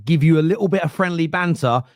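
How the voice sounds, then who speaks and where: A man's voice: on the high side, fast, no room sound, clean studio sound. Earnest football panelist, a man. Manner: earnest, emphatic, restarts a lot. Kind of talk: casual football debate.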